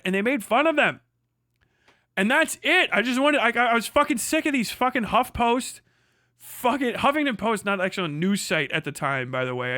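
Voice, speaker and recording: A man's voice: high voice, sharp tone, no echo, clean studio sound. A man hosting a livestream, ranting casually and sarcastically with constant swearing and mocking quoted voices. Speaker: livestream host. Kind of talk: casual rant.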